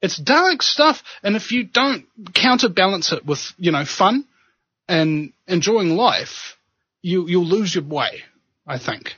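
Man, new zealand accent, talk show host, lively and bright, husky, dry dull recording. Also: sits high, takes it slowly. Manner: animated, preachy, joking. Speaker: podcast host. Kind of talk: casual chat and monologue. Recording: dull lo-fi sound.

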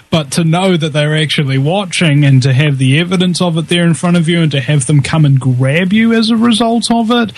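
A man's voice: on the high side, low-quality recording. A man hosting a talk radio show in a loose, chatty way, often restarting his words.

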